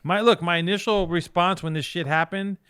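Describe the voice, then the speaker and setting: A man's voice: sits high, steady tone, fairly quick, fairly bright tone, clear, resonant tone, no echo, studio quality. A man co-hosting a podcast, chatting casually and telling rambling, sarcastic stories with plenty of swearing. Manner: rambling, sarcastic, profane storytelling. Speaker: podcast co-host. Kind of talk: casual chat.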